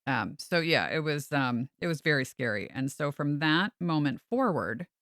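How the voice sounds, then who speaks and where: A woman's voice: sits low, normal speed, dry recording. Woman telling a story with dry sound. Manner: animated, acts out quoted voices. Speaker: realtor and podcast host. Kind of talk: casual storytelling chat.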